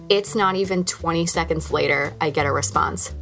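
Low-voiced woman telling her own story. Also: moderate pace, few pauses, sharp tone, faint music behind. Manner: reflective, candid storytelling. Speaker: podcast host. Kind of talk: personal storytelling.

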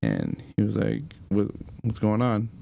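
A young man tells a personal story on a podcast. His voice sits fairly low, and his delivery is halting and casual, full of fillers and the odd curse. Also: huge pitch swings, creaky, mellow. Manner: halting, many fillers, swears. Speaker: podcast guest.

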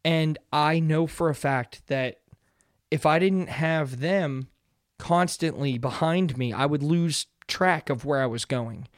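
A man's voice: on the high side, takes it slowly, no echo, clean studio sound. A young man hosting a solo motivational podcast, talking earnestly and conversationally and often checking in with "right?". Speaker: podcast host.

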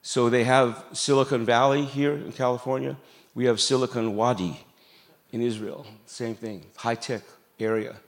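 A middle-aged man preaching a sermon in a church, in a conversational, joking way with asides to the congregation. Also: mid-range voice. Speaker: pastor. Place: church sanctuary.

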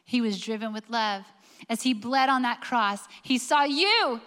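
A woman's voice: a little high, unhurried, fairly bright tone, long reverb tail. A woman preaching a sermon, emphatic and full of rhetorical questions.

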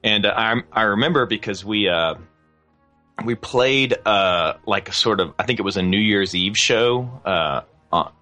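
Low, bright-voiced rambling man. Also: a little slow, soft background music. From American South. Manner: rambling, laughs often, many restarts. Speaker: guest musician. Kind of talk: casual conversation.

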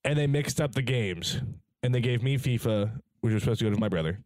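A man's voice: medium pitch, expressive, a little fast, darkish tone, dry recording. A young man telling a story in a casual chat, with hesitant "um"s.

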